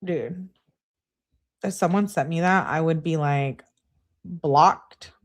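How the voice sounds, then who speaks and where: A woman live-streaming, reading text messages aloud with heated emphasis and dropping to dry asides to comment and answer her chat. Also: takes it slowly. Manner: reads texts in a raised, heated voice and comments in a lower, dry aside; talks back to chat viewers. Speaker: true crime live streamer.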